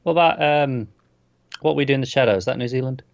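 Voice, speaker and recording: Chill guy cohost tossing in dry quips, mid pitch, kinda muffled dry audio. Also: fast talker, gravelly, no room sound. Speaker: podcast co-host. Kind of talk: casual movie discussion. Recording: slightly dull, dry sound.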